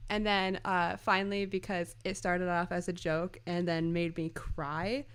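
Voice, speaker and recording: A woman's voice: on the low side, level tone, measured pace, smooth. A young woman co-hosting a podcast, chatting casually and laughing as she quotes favorite lines. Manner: giggly, quotes lines in character voices. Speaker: podcast co-host. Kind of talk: casual fan chat.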